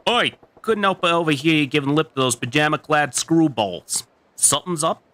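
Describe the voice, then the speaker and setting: A man voicing a brash, nosy one-eyed gangster in a game dub, gruff and slangy, with a put-on Boston-style accent. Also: on the high side, moderate pace, pushed and bright, pitched above the performer's own voice.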